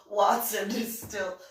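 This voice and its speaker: A middle-aged woman telling a personal anecdote in a giggly, excitable way, laughing often, in an echoey room away from the mic. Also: medium pitch, distant mic. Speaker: vlogger.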